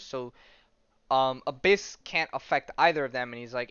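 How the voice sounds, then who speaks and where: A man's voice: medium pitch, normal speed, a bit bright, clear, resonant tone, no echo, highs cut off. A man hosting a podcast, casually retelling a comic story in a rambling, laid-back way. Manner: rambling, laid-back, laughs at his own jokes. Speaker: podcast host.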